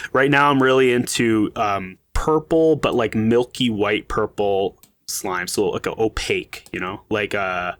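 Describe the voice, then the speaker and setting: Eager man with a low, dry voice. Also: measured pace, a bit bright, no room sound. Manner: enthusiastic, laughs often. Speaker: guest game designer. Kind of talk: casual podcast interview.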